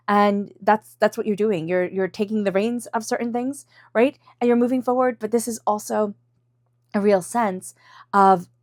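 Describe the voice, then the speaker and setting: A woman's voice: mid-range voice, darkish tone, dry recording, studio quality. A woman giving a casual tarot reading, chatty and reassuring, often acting out quoted thoughts and laughing. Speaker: tarot reader.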